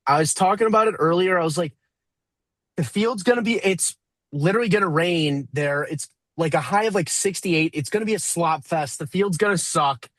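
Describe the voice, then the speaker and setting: Male co-host, high, dry, loose and rambling. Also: moderate pace, fairly bright tone, dry recording, poor audio. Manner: rambling, casual, profane. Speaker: podcast co-host. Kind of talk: casual sports betting chat.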